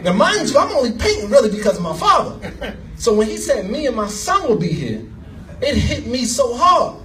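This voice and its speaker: A man giving an animated, emotional personal story as a speaker at an event, laughing as he talks. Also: very high-pitched, brisk, far from the mic, noisy background. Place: event hall.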